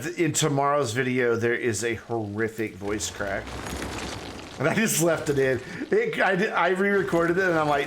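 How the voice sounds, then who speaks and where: This is casual live gameplay commentary from a man playing a city-building game, thinking aloud as his sentences ramble and trail away. He speaks at normal speed in a medium-pitched, fairly bright voice, with slight background noise.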